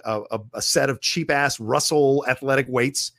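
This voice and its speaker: A man's voice: medium pitch, fairly even intonation, normal speed, creaky, fairly bright tone, no room sound, studio quality. Blunt, profane man telling a story. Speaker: podcast guest. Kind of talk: casual storytelling in conversation. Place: indoor podcast studio.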